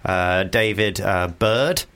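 A man co-hosting a comedy podcast, chatting casually with playful deadpan comebacks. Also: low voice, slow, smooth. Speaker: podcast co-host.

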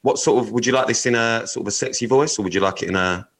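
A man's voice: mid-range voice, fast talker, fairly bright tone, rough recording. A young man co-hosting a casual chat show, reading odd news stories aloud with jokey, wry asides and casual swearing. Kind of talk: casual radio-style chat.

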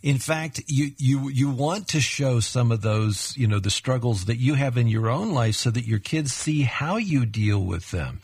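A man hosting a radio interview show, measured and warm as he introduces guests and asks questions. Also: mid-range voice, slightly rough, dry recording, studio quality.

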